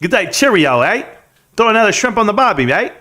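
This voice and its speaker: A man's voice: medium pitch, racing, pushed and bright, lightly acted. A man hamming up a cheery mock Aussie bloke. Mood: joking. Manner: playful exaggerated put-on accent.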